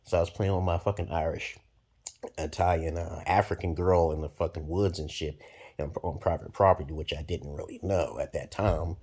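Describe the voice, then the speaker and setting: A man in his forties from Brooklyn, New York, giving a profane, rambling monologue to camera with sudden loud jumps. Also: deep voice, fairly even intonation, moderate pace, husky. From Brooklyn, New York, USA. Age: 40s. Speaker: vlogger.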